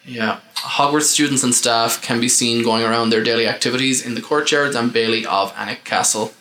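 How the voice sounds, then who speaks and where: A man's voice: medium pitch, fairly even intonation, fairly quick, a crowd in the background, poor audio. A man hosting a casual podcast, chatty and fond of long explanations. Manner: chatty, explains things at length. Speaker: podcast host.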